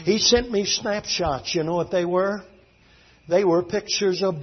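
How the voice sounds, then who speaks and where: A man preaching a sermon as a fervent, dramatic storyteller whose voice swings between hushed and loud. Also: high voice, unhurried, slightly rough. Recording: dull lo-fi recording.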